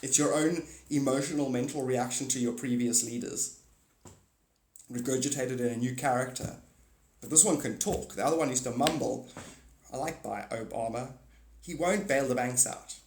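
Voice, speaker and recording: A man hosting a casual livestream, rambling excitably, swearing freely and cutting himself off mid-thought. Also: medium pitch, normal speed, reverberant. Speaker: livestream host.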